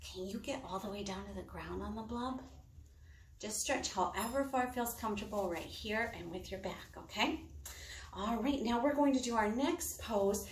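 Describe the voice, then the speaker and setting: A woman librarian leading children through storytime yoga, talking in a slow, encouraging, coaxing way. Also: mid-range voice, a little hiss or hum. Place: on a balcony. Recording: roomy, distant mic.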